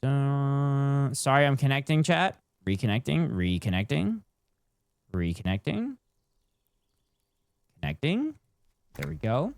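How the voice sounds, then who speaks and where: Excitable, swearing male streamer. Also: medium pitch, takes it slowly, gravelly, long pauses, clear, resonant tone, no echo, clean studio sound. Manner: excitable, profane, chatty with viewers. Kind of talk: casual live-stream gameplay chat.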